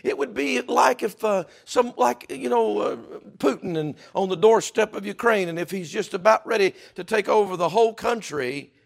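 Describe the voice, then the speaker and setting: A man's voice: sits high, moderate pace, vocal fry, few pauses. A man preaching a fervent sermon. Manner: fervent, builds to loud climaxes.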